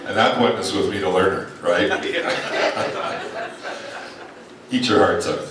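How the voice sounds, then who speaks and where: A man's voice: low-pitched, slow pace, heavy background noise. A man at a reunion, reminiscing about his school days in a wry, self-mocking speech. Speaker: reunion speaker sharing memories. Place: large echoey hall at a reunion. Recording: echoey hall, distant mic, crowd.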